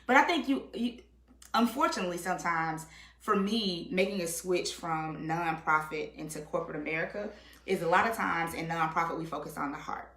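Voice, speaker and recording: A woman guest in a casual conversation, talking in an animated way, acting out quotes and often checking in with "right?". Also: on the low side, a little fast, reverberant.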